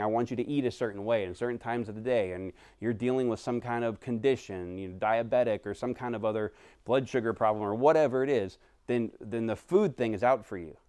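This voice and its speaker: A pastor, a man in his thirties, preaching a conversational sermon that swings from animated stretches to hushed, quiet passages. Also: lowish voice, clean tone, no room sound, studio quality.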